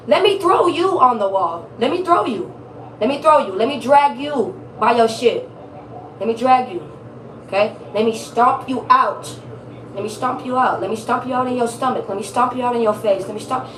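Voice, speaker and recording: A woman's voice: on the high side, animated, moderate pace, roomy sound, distant mic, slight background noise, poor audio. A woman giving a casual tarot reading, blunt, emphatic and profane, repeating her points for stress. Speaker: tarot reader.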